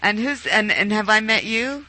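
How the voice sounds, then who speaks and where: A man's voice: high voice, lively intonation, normal speed, sharp tone, low-quality recording. A man hosting a casual call-in chat from a studio, teasing and playful. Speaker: host. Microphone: studio mic.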